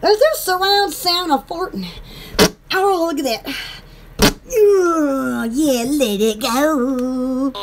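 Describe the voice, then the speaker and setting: A woman with a Southern US accent hosting a casual live stream for her online shop, giggly and excitable, rambling with lots of fillers. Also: sits high, very slow, very noisy. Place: home in the woods.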